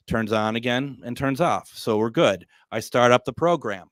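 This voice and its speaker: A man's voice: on the low side, normal speed, fairly bright tone, no room sound. A man hosting a live paranormal radio talk show, telling stories animatedly and acting out his own quotes with plenty of fillers.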